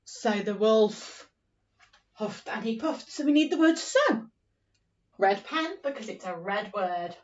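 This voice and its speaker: Woman teacher for young children: slow, encouraging, sing-song, heard from off-mic on a dull recording. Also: mid-range voice, animated, recorded from a distance. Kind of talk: early-years phonics lesson.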